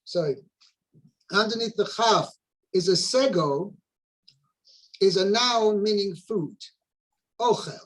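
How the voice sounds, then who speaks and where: A man with a notably high voice guides a student through a text, translating phrase by phrase. His explanations are patient and methodical. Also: lively intonation, slow, long pauses, rough recording. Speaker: teacher. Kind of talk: explaining a text in a study session.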